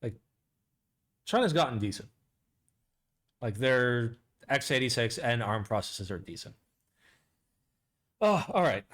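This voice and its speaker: A man's voice: medium pitch, sing-song, a little slow, long pauses, a bit bright. A man hosting a live stream, chatting casually and reacting, with a rambling, profane delivery full of filler words. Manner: rambling, sweary, lots of "like" fillers.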